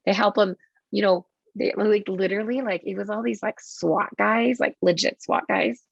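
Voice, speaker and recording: A woman's voice: medium pitch, fairly even intonation, vocal fry, husky, no room sound. A woman nurse being interviewed on a podcast, telling a story casually with lots of swearing and acted-out quotes, on dull lo-fi audio. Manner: swearing, quick and vivid, acts out her own quotes.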